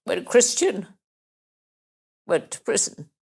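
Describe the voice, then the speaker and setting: Older lady, kinda emotional, tells stories and does people's voices, slow and swoopy. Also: mid-range voice, very animated, creaky, darkish tone, breathy edge. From England. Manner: anecdotal, acts out quoted voices. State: emotional, near tears. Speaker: interview guest. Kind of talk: emotional life-story chat.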